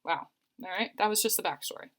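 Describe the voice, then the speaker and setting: A woman's voice: fairly low pitch, fast talker, a bit bright. A woman giving a tarot card reading, talking earnestly and reassuringly and often repeating her phrases. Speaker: tarot reader.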